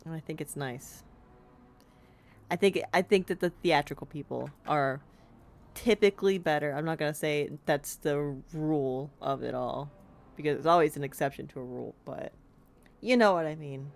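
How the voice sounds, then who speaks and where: This young woman from the United States has a low, creaky voice and speaks at a moderate pace. She streams a game and chats in a cheerful, rambling let's-play style, saying "like" and "you know" a lot.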